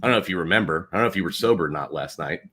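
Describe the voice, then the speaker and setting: A man's voice: low voice, lively intonation, very fast. Furious swearing man ranting on stream. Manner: angry, swearing, swings between quiet and shouting. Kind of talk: heated livestream rant.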